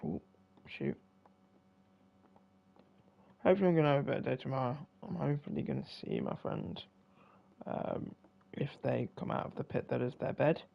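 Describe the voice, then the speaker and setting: Tired, gravelly man streaming games. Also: mid-range voice, normal speed, long pauses, dull audio. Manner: rambling, self-deprecating, many fillers. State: tired, yawning. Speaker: game streamer. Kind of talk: casual commentary while playing.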